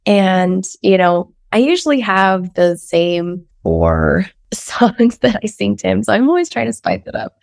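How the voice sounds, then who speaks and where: A woman's voice: medium pitch, expressive, a little slow, gravelly, darkish tone, dry recording, studio quality. A woman in her thirties who is a little sick, hosting her life-coaching podcast in a chatty way with frequent restarts. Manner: chatty, many restarts and fillers, laughs often. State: sick, slightly husky. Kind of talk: casual podcast monologue.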